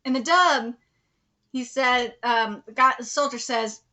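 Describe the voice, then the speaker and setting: A high-pitched woman with a bright, sharp-edged voice gives casual live reaction commentary. She swings from muttered asides to loud exclaiming, swears freely and laughs often. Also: unhurried. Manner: frank and profane, laughs often. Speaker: anime reaction streamer.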